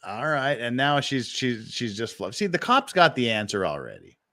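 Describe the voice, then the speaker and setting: A man giving profane, excitable reaction commentary who repeats himself as he talks. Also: mid-range voice, normal speed, no echo, clean studio sound.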